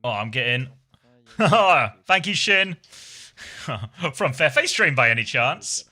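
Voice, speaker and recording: A man's voice: on the high side, sing-song, slow, sharp tone. An English man streaming esports, chatting casually with his chat in a self-deprecating way and calling play-by-play.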